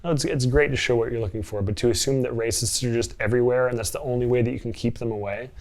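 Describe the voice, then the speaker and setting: A man's voice: mid-range voice, fairly even intonation, quick pace, darkish tone. A man in a casual reaction vlog, reading comments and answering with amused sarcasm and frequent laughter. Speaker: online commentator. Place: living in Portland.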